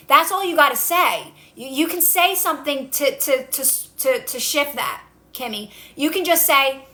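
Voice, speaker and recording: High bright-voiced woman coaching calmly. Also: normal speed. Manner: coaching, repeats calming instructions, answers viewer comments. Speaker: manifestation coach. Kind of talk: casual TikTok live talk.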